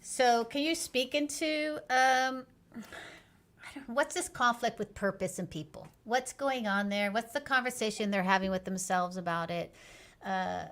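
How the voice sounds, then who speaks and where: A woman's voice: on the high side, a little slow, fairly bright tone. Lady host asking questions, kinda hesitant, um and uh. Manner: searching, hesitant questions with fillers. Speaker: host, interviewer. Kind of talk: interview questions.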